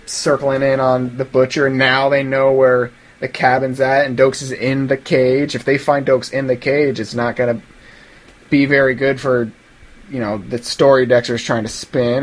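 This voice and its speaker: A man talks through his thoughts in a loose, rambling way, stopping and restarting and undercutting his own points. His voice sits at an ordinary middle pitch. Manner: rambling, self-deprecating, lots of fillers. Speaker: listener sending feedback. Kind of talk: casual recorded feedback.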